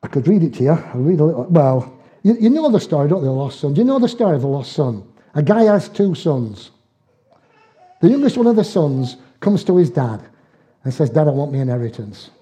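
His voice is mellow and a little high, brisk and full of big pitch swings. The speaker, a Northern English man, preaches a relaxed sermon built on homely personal tales, humour and frequent laughter. The recording sounds lo-fi, dull and muffled.

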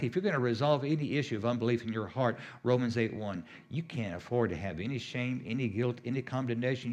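A man's voice: mid-range voice, a little mellow. A middle-aged man preaching a sermon as a healing minister, emphatic and repetitive, with sudden rises on key phrases.

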